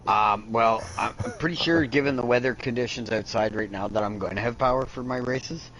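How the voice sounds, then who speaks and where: A man's voice: mid-range voice, fairly quick, fairly bright tone, slight background noise, low-quality recording. A man, chatting and joking with racing friends over a headset. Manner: chatty, jokey. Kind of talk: casual chat among sim racers.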